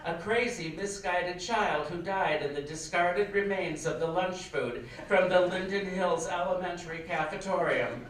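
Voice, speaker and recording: A man's voice: high-pitched, a little slow, hardly any pauses. Wry man reading a story on stage. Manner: wry, expressive narration with comic timing. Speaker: reader, storyteller. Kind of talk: live stage reading of a memoir. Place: large performing arts hall. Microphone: far camera. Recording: echoey hall from far off, faint noise.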